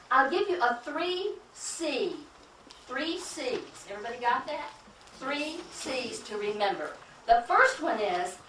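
A woman's voice: sits high, a bit bright, echoey room, far from the mic, a little hiss or hum, low-quality recording. A woman from the United States giving an emphatic conference talk, repeating key phrases and asking the audience questions. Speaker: keynote speaker at a conference.

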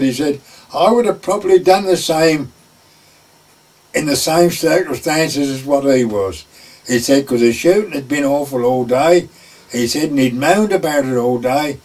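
A man's voice: on the high side, normal speed, darkish tone. An older man, a former gamekeeper, telling a folksy anecdote and acting out the voices of the people in it. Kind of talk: oral history storytelling. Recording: voice picked up from a distance.

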